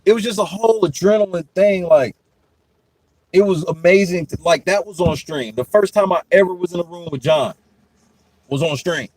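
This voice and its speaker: A young man and podcast host telling stories in a casual chat, profane and animated, often breaking into laughter. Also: high-pitched, moderate pace, dry recording, low-quality recording.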